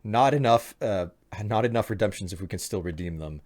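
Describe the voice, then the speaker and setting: A man's voice: lowish voice, lively intonation, brisk, darkish tone. A man streaming a game live, talking casually and chattily to his viewers, often trailing off and restarting. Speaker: livestreamer. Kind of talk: casual livestream gameplay chat.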